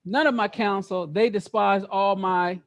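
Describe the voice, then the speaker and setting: High-voiced man teaching a Bible study. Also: a little slow. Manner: lively, quizzes the group, repeats words for emphasis.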